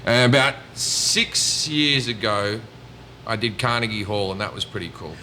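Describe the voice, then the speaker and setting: A man's voice: fairly low pitch, unhurried, sharp tone, a little hiss or hum. A man with an Australian accent, a comedian chatting casually and telling stories, swearing and mimicking people. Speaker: comedian guest. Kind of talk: casual chat.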